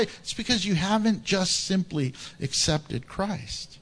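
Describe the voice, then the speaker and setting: A man preaching a sermon as pastor in a church, animated and humorous, laughing often and acting out Bible stories. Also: sits high, slow, hardly any pauses.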